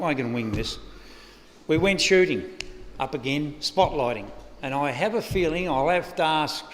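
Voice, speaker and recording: A man with an Australian accent giving a eulogy, spinning a rambling, humorous yarn at a lectern microphone. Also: mid-range voice. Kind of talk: eulogy anecdote. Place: funeral service venue. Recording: echoey funeral hall.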